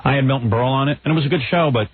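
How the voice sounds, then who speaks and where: A male radio host in easy on-air banter, joking and spinning stories with frequent laughs. His voice sits at a middling pitch. The sound is squeezed and narrow, like a broadcast heard over a phone line. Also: very fast, slightly rough, dry recording. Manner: joking, storytelling, laughs often.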